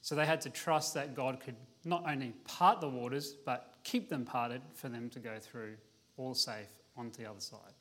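Guy preaching an evening sermon, chatty and easygoing, mid pitched. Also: steady tone, normal speed, a bit bright. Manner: conversational preaching, reads scripture aloud.

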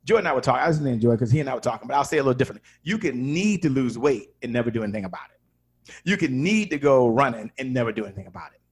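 A man coaching on sales as a podcast guest, emphatic and animated, acting out little dialogues. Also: medium pitch, very fast, slightly rough.

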